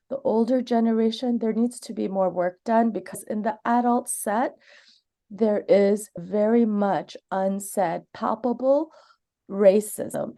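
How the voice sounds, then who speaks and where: A woman in her forties gives public comment as personal testimony. Her voice is warm and mellow, and her delivery is earnest and candid. She grew up in Canada. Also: medium pitch. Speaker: community member giving public comment.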